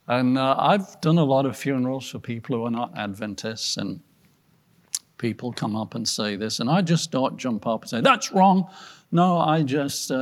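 A pastor teaching a Bible study class, earnest and conversational. His voice sits in a middle register for a man, and he often poses rhetorical questions to his listeners. His loudness rises and falls as he talks. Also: mid-range voice.

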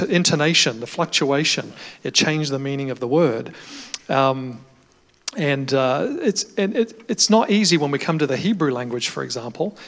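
Brief: male Bible study teacher, bright forward tone, measured with fillers, long hall reverb. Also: mid-range voice. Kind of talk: Bible lesson discussion.

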